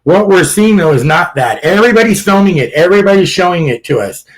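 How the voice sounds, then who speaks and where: A man's voice: sits high, expressive, fast, low-quality recording. A man hosting a podcast in casual political chat, blunt and rambling, swearing freely and laughing at his own jokes. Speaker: podcast host.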